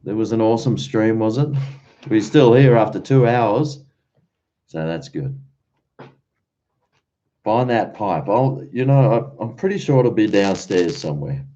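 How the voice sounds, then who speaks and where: Laid-back Australian man, low and mellow. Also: animated, a little slow, pauses often. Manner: rambling, easygoing, chuckles between thoughts. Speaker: livestream host. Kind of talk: casual late-night livestream chat. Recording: dull lo-fi stream audio.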